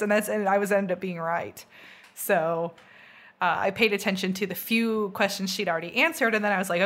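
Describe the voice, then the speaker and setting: A woman's voice: mid-range voice, fairly quick. A middle-aged woman co-hosting a board game podcast, chatting casually and telling stories with giggles. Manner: giggly, animated storytelling. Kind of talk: casual chat.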